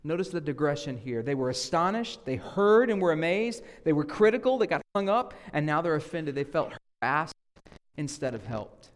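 A man with a Southern US accent preaching a sermon as a guest preacher, conversational and animated, acting out voices he quotes. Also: a little high, normal speed. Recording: echoey hall reverb.

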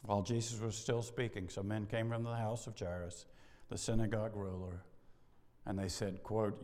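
A middle-aged man preaching a sermon, animated, acting out bits of dialogue and laughing now and then. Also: lowish voice, moderate pace, gravelly, long pauses. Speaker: pastor. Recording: long hall reverb.

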